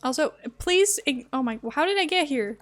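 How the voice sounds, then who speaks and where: High-voiced young woman streamer, playful. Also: expressive, normal speed. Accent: American. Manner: chatty, playful, easily flustered. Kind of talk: casual live-stream chat while gaming.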